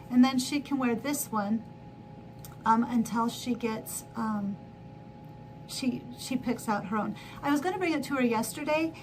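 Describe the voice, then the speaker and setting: A middle-aged woman with a high voice talks casually on her sewing livestream. She rambles through her story, corrects herself midway and laughs often. A soft low rumble hums faintly behind her. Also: poor audio. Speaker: livestream host. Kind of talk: casual chat while sewing.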